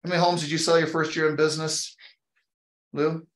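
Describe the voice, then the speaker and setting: A man's voice: a little high, level tone, a little fast. A man in his fifties leading a motivational training talk for an audience, telling a personal story and building to an emphatic, upbeat push. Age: 50s. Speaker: real estate team leader and trainer. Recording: roomy echo.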